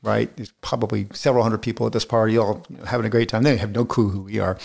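A man's voice: fairly low pitch, steady tone, fast talker, vocal fry, darkish tone. A middle-aged man, a film director being interviewed, telling long, rambling stories in a casual way with many restarts.

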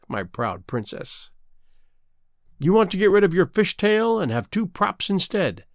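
A man's voice: high voice, no echo, clean studio sound, exaggerated voice. A man putting on a taunting sea witch. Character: cruel scheming female sea witch, mocking. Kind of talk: storybook reading.

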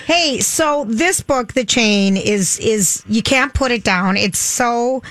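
A woman's voice: fairly high pitch, slow pace, fairly bright tone, no echo. A woman with a Minnesota accent, co-hosting a radio talk show and jumping in eagerly.

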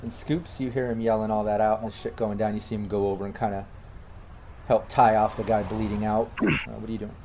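A man's voice: fairly low pitch, level tone, brisk, darkish tone, slight background noise. A man running a tabletop game as game master, narrating loosely with many fillers and restarts.

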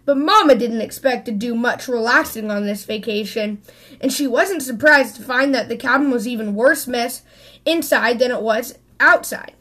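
High-voiced woman reading a picture book. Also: moderate pace. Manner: expressive, with small slips and restarts. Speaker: storybook reader.

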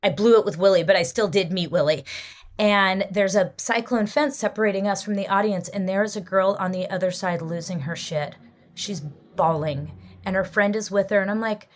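A woman musician, a guest on an interview show, telling a story in an animated, expressive way. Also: mid-range voice, normal speed.

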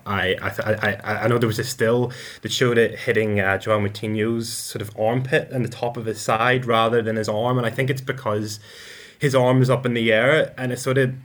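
A man analysing football matches on a podcast, often stumbling and repeating his words. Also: lowish voice. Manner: hesitant, many repeated words. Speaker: football pundit.

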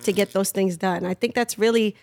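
A woman co-hosting a podcast as producer, chatting casually and telling her side in an animated, candid way. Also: mid-range voice, fairly quick, creaky, slight background noise. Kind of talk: casual chat.

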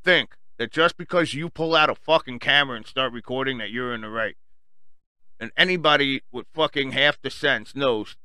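A man rants furiously into the mic as host of his own radio show, cursing constantly and mocking the people he talks about. His voice is bright and forceful. The sound is dry and close. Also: medium pitch, moderate pace, smooth, no room sound. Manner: angry, swearing, mocking quoted people. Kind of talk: profane rant.

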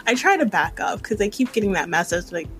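A woman's voice: medium pitch, animated, fairly quick, fairly bright tone, faint music behind. Candid rambling young woman vlogger. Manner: rambling, candid, laughs often, swears casually. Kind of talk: casual personal vlog monologue.

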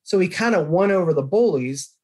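A man speaks as a podcast guest, recounting a story with earnest conviction. His voice sits a little higher than most men's, and he leans on key words with bursts of emphasis. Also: expressive, a little fast, a little mellow. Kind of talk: conversational interview.

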